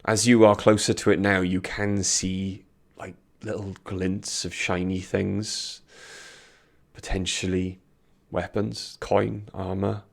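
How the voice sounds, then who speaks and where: A man's voice: deep voice, little pitch movement, slow, creaky. A British man running a tabletop game as dungeon master, narrating casually with lots of ums and restarts. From Britain.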